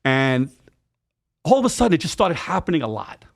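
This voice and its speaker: His voice on the high side and creaky, a middle-aged man speaks briskly as a podcast guest. He shares a candid, slangy, profane story with lively energy, acting out what others said.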